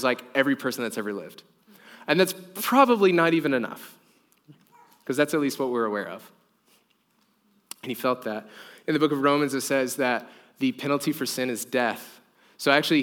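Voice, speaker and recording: A man's voice: medium pitch, fairly bright tone. A young man preaching a sermon in an earnest, conversational way, with casual fillers. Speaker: pastor.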